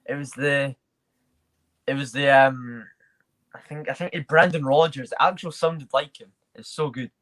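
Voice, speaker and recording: A man's voice: medium pitch, steady tone, normal speed, a bit bright. A man hosting a live football watchalong, chatting loosely with banter and restarts. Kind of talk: casual chat.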